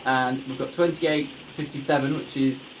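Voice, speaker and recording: A man's voice: medium pitch, fairly even intonation, moderate pace, rough recording. Young male podcast host, eager and rambling, mid-range voice, slight background hiss. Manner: enthusiastic, rambling with many fillers. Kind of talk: casual chat.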